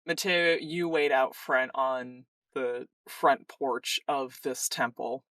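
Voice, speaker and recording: Unhurried game master narration, dry sound, mic set back a bit. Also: mid-range voice, fairly bright tone, no room sound, distant mic.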